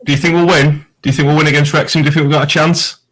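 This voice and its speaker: A man's voice: a little high, level tone, very fast, fairly bright tone. A man co-hosting a football fan phone-in, giving short, friendly prompts to callers. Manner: friendly, brief prompts, says mate. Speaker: co-host.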